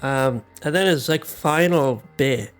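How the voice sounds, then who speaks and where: An Irish man co-hosting a podcast, retelling events in a halting, filler-heavy way. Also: medium pitch, faint music behind. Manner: hesitant storytelling, many fillers and retellings. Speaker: podcast co-host. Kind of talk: casual chat.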